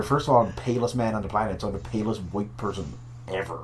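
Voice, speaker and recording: A man with a Newfoundland accent talks quickly in a low register, joking and cursing through a casual podcast chat. There is a faint hiss of noise behind his voice. He tells his stories in a loose, rambling way. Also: lively intonation. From Newfoundland, Canada. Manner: joking, profane, rambling storyteller. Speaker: podcast co-host. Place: at home.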